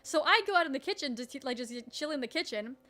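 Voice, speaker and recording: A young woman streamer telling a story in casual chat, animated, swearing freely and leaning on "like" a lot. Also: high-pitched, quick pace. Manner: animated, swears freely, heavy use of "like", laughs often.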